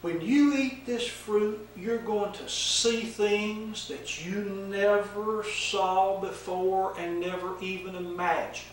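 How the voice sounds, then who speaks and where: An older man voicing a sly, smooth-talking male serpent-devil who drawls casually and then turns hushed and earnest, in an echoey room with the mic set far off. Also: high-pitched, slow, few pauses, a little hiss or hum.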